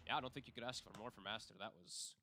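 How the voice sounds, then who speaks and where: A man's voice: mid-range voice, music in the background. A man giving analytical commentary on an esports match, breaking down plays in detail. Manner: rapid, detailed breakdowns with light laughs.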